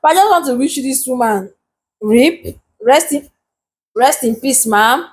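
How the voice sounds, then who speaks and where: A woman's voice: sits high, animated, measured pace. A Nigerian woman vlogger giving casual commentary, laughing often and hiccupping as she talks. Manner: laughing often while talking.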